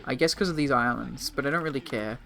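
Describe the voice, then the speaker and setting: A man's voice: mid-range voice, fast, gravelly, a bit bright. A man in his twenties casually commenting on a strategy game during a live stream, rambling and swearing. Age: 20s. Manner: rambling, profane, joking with chat.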